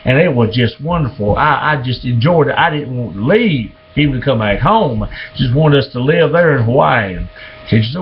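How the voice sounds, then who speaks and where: A man telling dirty jokes in a slow, drawling way, slipping into voices for the characters. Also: medium pitch, lively intonation, muffled recording. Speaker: joke teller.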